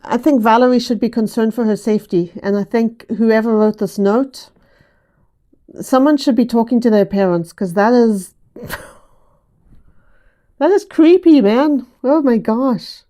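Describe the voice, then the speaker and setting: A woman with a somewhat high voice hosts a reaction video about what kids write. She reads their notes aloud and follows them with wry, deadpan asides and amused commentary. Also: a little slow, pauses often. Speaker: host of a writing channel.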